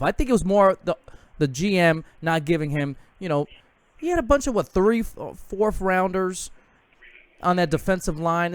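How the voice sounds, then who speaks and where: A man's voice: on the high side, clean tone, dry recording. A young man hosting a casual sports call-in show, chatty and joking, laughing often. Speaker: host.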